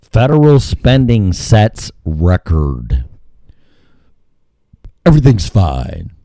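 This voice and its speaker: Male radio talk host, ad-libbing and cursing, sings nonsense fillers, swooping pitch. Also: sing-song, slow pace, warm tone, dry recording, studio quality. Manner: crude, rambling, sings filler noises. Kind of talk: casual ad-libbed radio talk.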